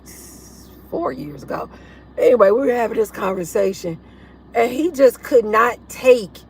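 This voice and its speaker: A woman hosting a casual livestream chat, blunt and animated, laughing often as she talks to her viewers. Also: fairly high pitch, slight background noise. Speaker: livestream host.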